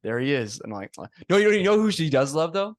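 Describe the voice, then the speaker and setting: A man's voice: a little high, big pitch swings, fairly quick, no echo, studio quality. A young man co-hosting a sports podcast, agreeing along in casual chat and adding his own stories. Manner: agreeable, backs up his friend with short replies. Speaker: podcast co-host.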